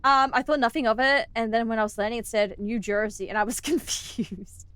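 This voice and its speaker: A woman's voice: a little high, steady tone, a little fast, fairly bright tone, clean tone, dry recording. A young Australian woman streaming a game, chatting playfully with viewers, giggling and sounding out words as she rambles. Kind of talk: casual live-stream chat while gaming.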